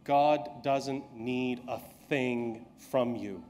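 A man preaching from the pulpit in a relaxed, conversational way. He pokes fun at himself and puts on voices for the people in his stories. His pitch sits in a middling range. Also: drawn-out words, a little hiss or hum. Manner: conversational, self-deprecating storytelling with acted quotes. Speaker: pastor. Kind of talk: sermon.

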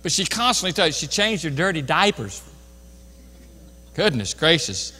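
A man's voice: fairly high pitch, very animated, unhurried, sharp tone, long reverb tail. An older man, a pastor, preaching a sermon with earnest, folksy asides.

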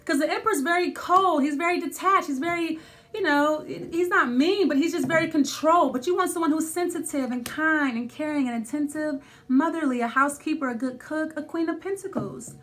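A woman's voice: sits high, brisk, fairly bright tone. A woman giving a casual tarot reading, thinking aloud with many restarts and fillers. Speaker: tarot reader.

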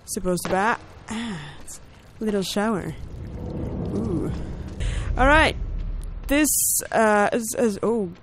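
A woman hosting a let's play video, reacting excitably and talking to the character on screen. Background hum runs through the noisy recording. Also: medium pitch, slow pace, long pauses. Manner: excitable, talks to the game character, yells in panic. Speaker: gaming video host.

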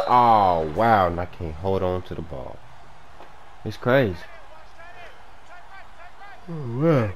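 Hyped young man yelling at a football game. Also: mid-range voice, very animated, unhurried, pauses often, slight background noise. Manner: hyped, shouting at the game, slangy. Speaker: gaming streamer. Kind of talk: casual gameplay commentary.

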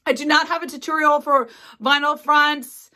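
A woman's voice: high-pitched, steady tone, moderate pace, pushed and bright. A woman in her forties hosting a craft video at home, chatting enthusiastically about her sewing projects with lots of ums and asides. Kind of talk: casual show-and-tell chat.

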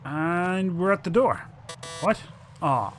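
A man's voice: on the high side, sing-song, extremely slow, fairly bright tone, faint music behind. A man doing let's play commentary, swearing and mock-dramatically teasing the game's characters.

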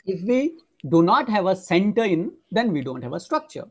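A woman teaches an academic webinar over an online microphone. Her voice sits at a mid-range pitch. She explains point by point, with frequent "you know" fillers. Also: big pitch swings, normal speed, breathy edge. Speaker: lecturer.

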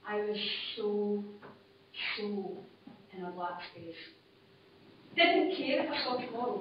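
A woman's voice: mid-range voice, animated, unhurried, heavy reverb, slight background noise. A woman from the UK, a paramedic, giving a personal testimony talk at a conference, speaking bluntly in short clipped phrases. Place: conference hall. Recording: distant, muffled room recording from a basic MP3 player.

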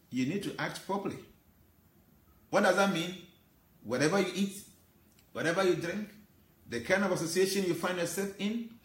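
A man's voice: high-pitched, a bit bright, roomy sound. A man preaching an earnest, emotional sermon, reciting Sanskrit verses and explaining them. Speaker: spiritual teacher.

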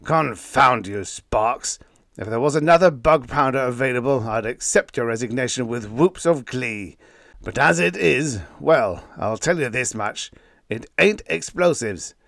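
Narrator playing a blustering old space skipper, barking orders loud and fast, folksy slang. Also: male voice, medium pitch, animated, vocal fry, dry recording, studio quality. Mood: exasperated. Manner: growling, snapping, folksy grammar. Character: gruff, bossy old male spaceship captain.

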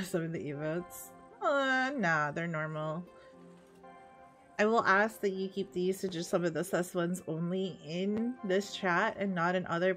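A young woman streamer chatting casually with her chat while playing, laughing often. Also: on the low side. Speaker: VTuber streamer.

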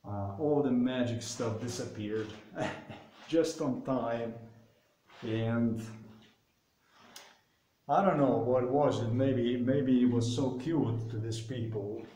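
A man's voice: mid-range voice, slow pace, pauses often, mellow. A man telling a rambling personal anecdote, loose and profane, full of fillers. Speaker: storyteller. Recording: roomy with faint noise.

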